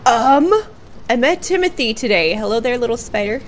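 A woman's voice: a little high, sing-song, normal speed. A woman giving jumpy, exclamatory commentary while playing a horror game, gasping and reacting aloud. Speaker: gaming YouTuber. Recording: faint game music behind.

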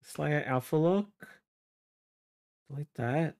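An artist with an Australian accent chats on a livestream while drawing, with a voice of middling pitch. The talk is loose and friendly, jumping up in excitement when reading viewers' messages and dropping to low muttering while working. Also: slow, gravelly. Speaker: artist streaming a drawing session. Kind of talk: casual livestream chat.

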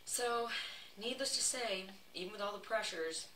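A woman's voice: mid-range voice, normal speed, bright, forceful tone. A young woman from Texas with a Southern accent, telling a story in a casual, chatty way with playful asides while she bakes. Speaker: vlog host. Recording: echoey room, voice from a distance, background noise.

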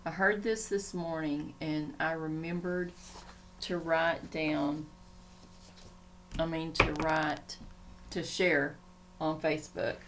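A woman's voice: low voice, little pitch movement, slow, long pauses, background noise. A woman chatting casually in a home vlog, rambling and easily sidetracked as she talks. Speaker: Christian vlogger. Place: home room.

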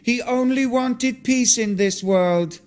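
A man voicing an older widow who speaks slowly and with measured firmness. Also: very high-pitched, a little mellow, pitched above the performer's own voice. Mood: defensive. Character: grieving older widow, gentle and firm.

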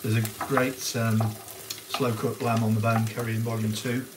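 A man's voice: mid-range voice, level tone, moderate pace, background noise. Guy doing a live cookalong in his kitchen, chatty, waves hi to viewers, frying sizzle in the background. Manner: chatty, greets viewers by name between cooking steps. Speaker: cooking livestream host. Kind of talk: casual live cookalong chat. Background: onions sizzling in a pan.

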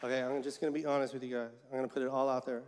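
A man doing stand-up comedy with animated, punchy storytelling on a stage. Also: mid-range voice, racing. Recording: stand-up show, loud audience noise.

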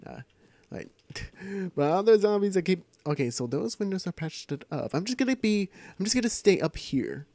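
A man giving excitable, live gameplay commentary, often repeating short calls. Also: sits high, normal speed, no echo. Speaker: gamer. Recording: noisy home recording.

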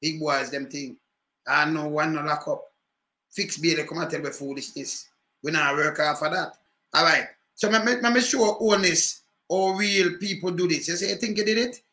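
A man's voice: fairly high pitch, moderate pace, echoey room. A man with a Jamaican accent, commenting on politics in patois with rhetorical questions. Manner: animated patois ranting, repeated rhetorical questions.

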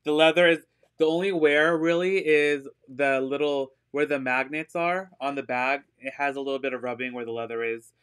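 A man's voice: mid-range voice, fairly even intonation, moderate pace, fairly bright tone, smooth. A man hosting a live online sale of secondhand designer purses, chatting casually with fillers, giggling often and gushing about the bags. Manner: upbeat and gushing. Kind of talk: casual live-stream sales chat.

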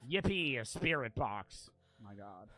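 A young man streaming a horror game, swearing constantly and repeating himself as he swings between muttering and yelling. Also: mid-range voice, very animated, measured pace. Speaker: gaming streamer. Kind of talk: frustrated let's-play commentary.

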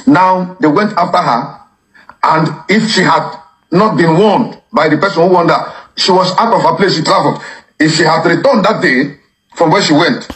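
Guy making accusations in a clip, earnest, highish voice. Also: normal speed, fairly bright tone, rough recording.

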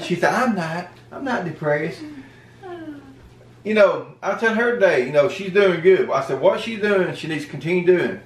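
A man's voice: high voice, expressive, moderate pace, a bit bright. A man chatting casually to camera in a joking, playfully indignant way. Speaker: homestead vlogger. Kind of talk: casual family chat to camera. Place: home room. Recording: echoey room, mic at a distance.

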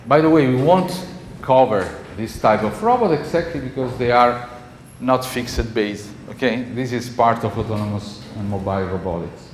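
Giving a classroom lecture in an Italian accent, a male professor keeps it conversational and checks in with the class frequently. His voice is medium-pitched, moderately paced, with few pauses, recorded in an echoey hall with faint noise.

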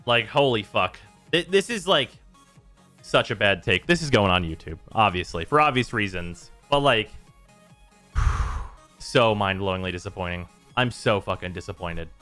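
A man's voice: lowish voice, moderate pace, soft background music. A man hosting a gaming stream, ranting in casual chat with lots of swearing. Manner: exasperated, swearing, animated rants. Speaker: streamer host.

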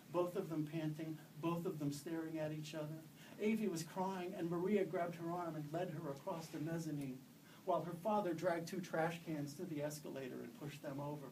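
A male author reading his own fiction aloud at a live event, in steady, measured narration. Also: fairly high pitch, distant mic, a little hiss or hum, rough recording. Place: event room.

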